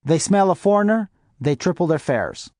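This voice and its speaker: A man's voice: high-pitched, lively intonation, normal speed, darkish tone, dry recording, studio quality, voice pushed up. A man voicing a chubby, affable middle-aged male lawyer in an audiobook, chatty and full of apologies, a little wheezy. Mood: apologetic. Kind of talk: audiobook character voice.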